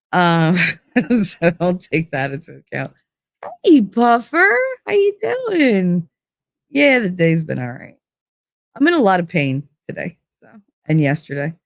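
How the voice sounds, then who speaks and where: A woman's voice: fairly low pitch, vocal fry, no room sound, studio quality. A woman live streamer in casual chat, rambling from one story to the next, giggling and swearing freely.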